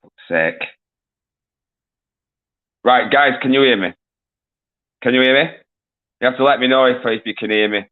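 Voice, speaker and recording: A man's voice: medium pitch, normal speed, long pauses, phone-quality sound. Male quiz host on a live stream, casual and jokey, swears a lot, greets viewers by name.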